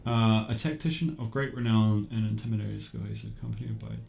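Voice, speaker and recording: A man's voice: lowish voice, fairly even intonation, a little fast, gravelly, a little mellow, roomy sound, a little hiss or hum. A man giving casual commentary while showing games, thinking aloud with many ums.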